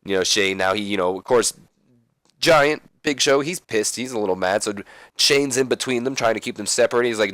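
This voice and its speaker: A man's voice: on the low side, fairly quick, fairly bright tone, dry recording, clean studio sound. A man narrating a let's play in casual game commentary, rambling along with lots of fillers.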